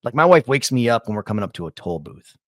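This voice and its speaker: Male co-host, animated pitch, dry close mic, exasperated comic ranter. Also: fast talker, no room sound. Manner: exasperated complaining, rising into mock outrage. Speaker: podcast co-host. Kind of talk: casual comedic banter.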